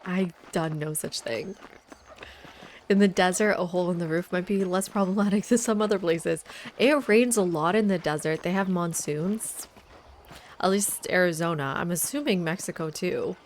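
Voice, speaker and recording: Streamer, woman, casual amused commentary, lowish voice. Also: normal speed, slight background noise. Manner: chatty, amused asides.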